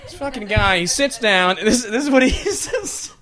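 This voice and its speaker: A man's voice: sits high, moderate pace, crowd noise. A man performing a stand-up comedy set, acting out people around him in shifting voices. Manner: animated, acts out characters in shifting voices.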